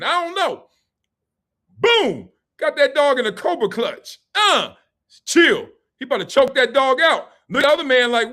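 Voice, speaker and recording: A man hosting a live-streamed sports and culture talk show, reacting to a clip in an animated, slangy way and laughing often. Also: extremely high pitch. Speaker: host.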